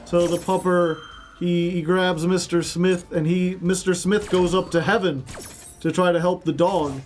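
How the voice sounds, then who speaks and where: High-voiced joking game streamer. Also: male voice, steady tone, a little slow, a little mellow, faint music behind. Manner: rambling, joking, spins silly stories. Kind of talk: casual game commentary.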